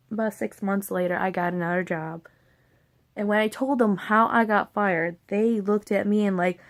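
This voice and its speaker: A woman's voice: mid-range voice, normal speed. Rambling woman telling a personal story. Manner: rambling and candid, with casual swearing. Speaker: vlogger.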